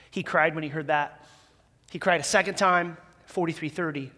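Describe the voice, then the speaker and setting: A man preaching a sermon as a pastor in a church, conversational and animated, with self-deprecating humor. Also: sits high. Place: church sanctuary with a live audience. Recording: long reverb of a large hall.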